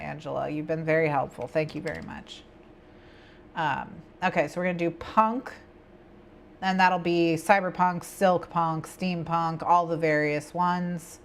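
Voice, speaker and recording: A woman's voice: on the low side, a little hiss or hum. A woman hosting a casual craft stream, thinking aloud and chatting with viewers in a rambling way. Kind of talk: casual chat with viewers while planning.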